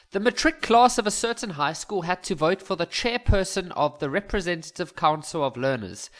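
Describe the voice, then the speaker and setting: Chatty maths teacher. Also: male voice, fairly high pitch, a bit bright. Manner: chatty, thinks aloud, joking asides. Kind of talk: casual explanatory lesson voice-over.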